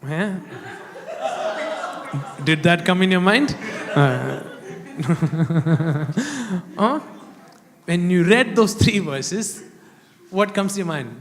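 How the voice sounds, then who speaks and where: Pastor, high and slow, emphatic sermon that draws the congregation in; hall echo. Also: male voice, animated. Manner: emphatic, questions and prompts the congregation. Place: church hall. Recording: long reverb of a church hall.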